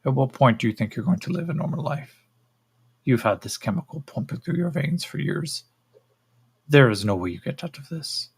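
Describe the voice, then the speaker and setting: A man's voice: mid-range voice, animated, vocal fry, husky, pitched above the performer's own voice, heavily acted. Man doing a cold chimpanzee-like alien slaver. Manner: slow, clipped, clinical and dismissive.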